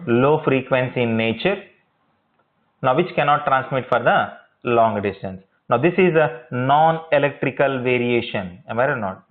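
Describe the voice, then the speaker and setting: A male lecturer teaching in a classroom, repeating points and checking understanding with rhetorical questions. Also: mid-range voice. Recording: tinny phone-like audio.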